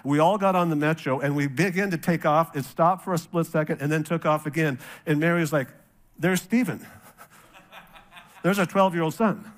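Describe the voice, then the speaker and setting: A middle-aged man from North Dakota preaching from the pulpit, with a voice that sits high for a man. He tells stories in a loose, conversational way and breaks into the voices of the people in them. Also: fairly quick, few pauses. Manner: storytelling, animated, acts out quoted voices. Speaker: pastor. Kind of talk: sermon.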